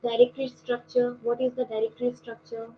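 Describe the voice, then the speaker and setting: A woman lecturer giving an online class, explaining step by step with frequent pauses and fillers. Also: on the high side, completely flat delivery. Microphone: video call. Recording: dull lo-fi call audio with faint noise.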